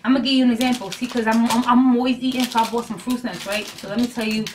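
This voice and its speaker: Chatty woman vlogger, higher voice. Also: fast, background noise. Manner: animated, emphatic and blunt, with swearing; rambling and chatty, losing her train of thought. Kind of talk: casual talk to camera. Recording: voice a little distant from the mic.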